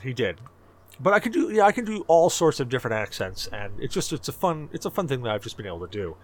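A man chatting casually as a podcast co-host, animated and rambling, often repeating himself. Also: mid-range voice, quick pace. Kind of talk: casual chat.

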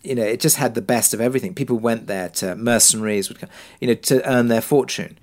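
A man gives relaxed, reflective interview answers and often pauses to think. His voice sits at a medium pitch, and he talks as a producer about his work. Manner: relaxed, thinking aloud with frequent fillers. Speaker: drama producer, guest.

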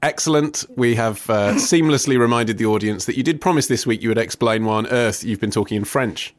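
A man's voice: mid-range voice, fairly quick, dry recording. Dry, teasing man hosting. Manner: dry, teasing, sarcastic asides. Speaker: podcast host. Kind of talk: casual comedic chat.

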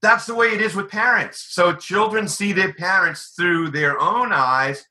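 A man, an author and guest, explaining ideas through animated stories and acted-out quotes. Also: high-pitched, a little slow, poor audio. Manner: animated, acts out quoted voices. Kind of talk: conversational storytelling.

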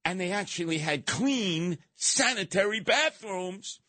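A man's voice: high voice, lively intonation, a little slow, pushed and bright. Brash New talk radio man. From New York City. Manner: combative, sarcastic, acts out quoted voices. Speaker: radio talk show host.

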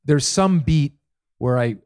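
A male comedian guest telling a story on a live show stage, animated and laughing between lines. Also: a little high, takes it slowly, no echo, studio quality.

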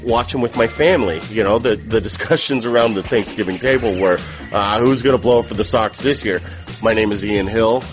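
A man's voice: fairly low pitch, fairly quick, music in the background. A man who is a devoted sports fan, speaking earnestly and fervently in an interview. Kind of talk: interview storytelling.

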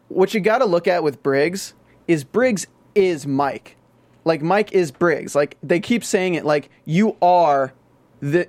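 A man's voice: fairly high pitch, creaky, no echo. A man from the American South chatting casually about a TV show, rambling with many restarts and fillers. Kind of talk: casual TV recap chat.

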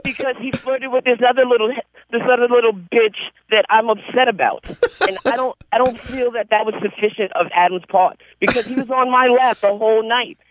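A man's voice: very high voice, fairly even intonation, fairly quick, dry recording, lo-fi sound. A man calling in to a radio show and playing an upset, theatrical drag queen who is hostile toward a host. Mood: aggrieved. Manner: theatrical, aggrieved. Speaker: caller.

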